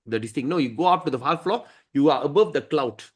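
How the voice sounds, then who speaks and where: A man teaching a devotional scripture class, emphatic and often clearing his throat. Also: a little high, expressive, fast.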